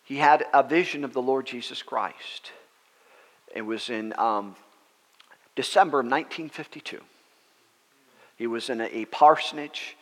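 A man, a pastor, preaching a sermon as a story, acting out the people in it with lively, rising voices. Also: unhurried, pauses often. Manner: animated, acts out quoted voices with rising pitch. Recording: long reverb of a church hall.

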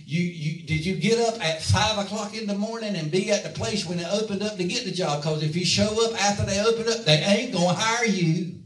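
A man with a high-pitched voice preaches a sermon, pausing to ask the congregation for amens. The sound is roomy and comes from a distance, as if a mic was set across an echoey church sanctuary. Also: fairly bright tone. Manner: call-and-response preaching, asks the congregation for amens.

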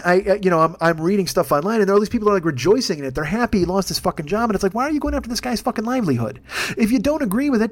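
A man hosting a comedic podcast, talking in a profane, rambling rant. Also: very high voice. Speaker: podcast host.

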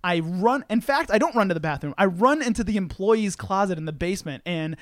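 A young man telling a wild story in casual, profane podcast chat, acting out the people in it loudly. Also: high-pitched, fairly quick, no room sound, clean studio sound. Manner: animated, profane, acts out quoted people loudly.

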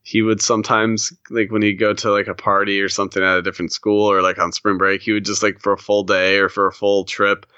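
A man's voice: fairly low pitch, level tone, fairly quick, hardly any pauses, pushed and bright, clean tone, dry recording, muffled recording. A man in casual podcast chat, rambling through stories with lots of fillers and frequent laughs. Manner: rambling storyteller, many "like" fillers, laughs often.

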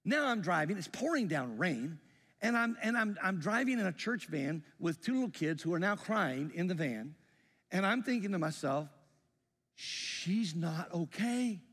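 A man's voice: high-pitched, big pitch swings, normal speed, fairly bright tone, big-room sound. A man, a pastor, telling a story in a sermon, earnest, often stopping and repeating words.

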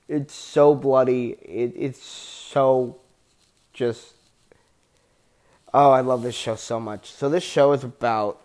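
A man's voice: mid-range voice, darkish tone. A man giving a casual, enthusiastic TV show review, rambling with frequent restarts and casual swearing.

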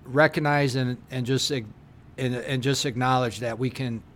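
On a casual podcast, a co-host with a fairly bright, mid-range voice and fairly even intonation speaks at a moderate pace. He gets heated, swears heavily, and plays out short exchanges in raised voices.

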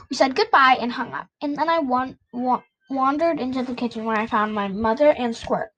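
A woman reading a children's novel aloud, halting now and then with restarts and self-corrections. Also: high-pitched, fairly bright tone, poor audio. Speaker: reader.

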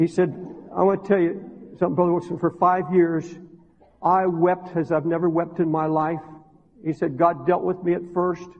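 Man, pastor, high husky voice, impassioned sermon, dull recording in an echoing hall. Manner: impassioned preaching, rising to loud pleading. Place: church hall.

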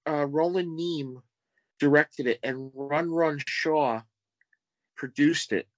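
A man guesting on a film podcast, talking deliberately and reeling off cast names and film facts. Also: a little high, dry recording, dull audio. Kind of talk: casual film chat.

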